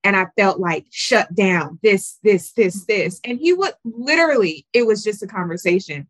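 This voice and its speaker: A woman on a group video call, telling a personal story in an animated way. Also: medium pitch, normal speed, no echo. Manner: animated storyteller, acts out voices. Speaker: call participant. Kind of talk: casual group chat.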